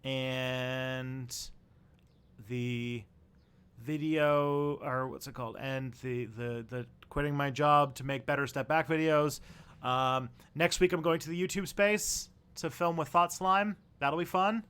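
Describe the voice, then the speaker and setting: A man's voice: medium pitch, steady tone, slow, fairly bright tone, clear, resonant tone. Chatty man hosting a live stream. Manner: chatty and rambling, easygoing. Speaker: livestream host. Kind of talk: casual live-stream chat.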